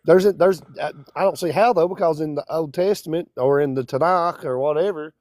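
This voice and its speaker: A man's voice: on the high side, brisk, a little mellow, no room sound. A man from Kentucky with a Kentucky accent, calling in to a debate stream just out of bed, rambling and stumbling over his words. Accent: Kentucky, near the Tennessee line. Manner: rambling, stumbling, self-deprecating. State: just woke up. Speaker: caller. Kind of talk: casual debate call-in.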